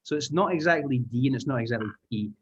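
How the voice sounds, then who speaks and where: Quick-paced and expressive, this husky, mid-range man trains English teachers in an online taster class. He's upbeat and encouraging, breaking down sounds one step at a time. The video-call audio is muffled.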